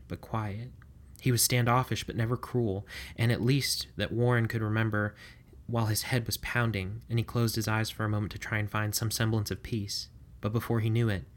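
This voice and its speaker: A man narrating a story in a steady, even reading voice. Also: fairly low pitch.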